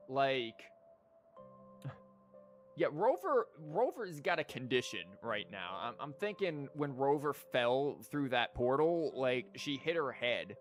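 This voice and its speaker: A man's voice: fairly high pitch, very animated, unhurried, a bit bright, faint music behind. A young man giving live game commentary in a sarcastic, rambling, profane way. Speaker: game streamer.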